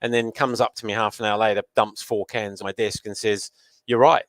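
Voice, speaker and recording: A man with a fairly low voice, speaking as a guest in a conversation. He tells lively stories about his work, and the sound is dry, with no room echo. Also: a little fast. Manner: anecdotal, lively storyteller. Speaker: guest running a youth learning program. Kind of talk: storytelling conversation.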